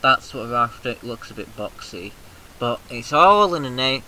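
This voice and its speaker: A British man giving casual, excitable let's-play commentary, swearing freely and shouting rallying cries, with a slightly mucousy throat. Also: medium pitch, moderate pace, a little hiss or hum, rough recording. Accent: British English. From Britain. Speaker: gaming video host.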